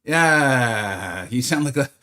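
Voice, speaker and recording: A man's voice: mid-range voice, animated, brisk. Chatty male game streamer. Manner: friendly, greets chatters by name; rambling, with many fillers. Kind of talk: casual live-stream chat.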